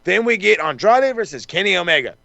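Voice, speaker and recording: A man's voice: high voice, sing-song, a little fast, creaky, bright, forceful tone, no room sound. A man co-hosting a wrestling podcast, rambling through a casual recap, swearing freely and acting out the wrestlers' lines. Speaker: podcast co-host.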